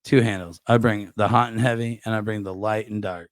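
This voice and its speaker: A man with a lowish, smooth, resonant voice tells a story in a loose, scattered way, stalling on names with plenty of uhs. The recording is dry and close-miked. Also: level tone, fairly quick, dry recording. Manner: scattered, hunts for words with lots of uh and oh man. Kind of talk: casual chat.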